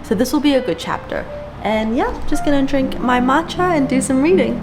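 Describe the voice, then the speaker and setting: A woman's voice: sits high, brisk, music in the background. A woman chatting casually to camera at home as a book vlogger, gushing and stretching out words for emphasis, with sighs. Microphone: camera-mounted mic.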